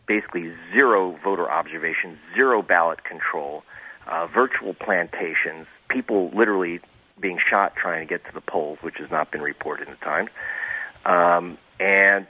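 A low-voiced man calls in to a radio show as a reporter guest. He rambles through sarcastic asides and frequent restarts. His voice comes through a thin, tinny phone line. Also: normal speed. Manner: sarcastic, digressive, many restarts.

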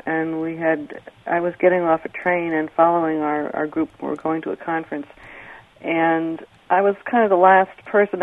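A man calling in, speaking with a fairly high voice for a man. He rambles and hesitates, filling pauses with ums and uhs. The sound is thin and tinny, like a phone line. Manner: rambling, hesitant with many fillers. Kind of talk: casual phone-in account.

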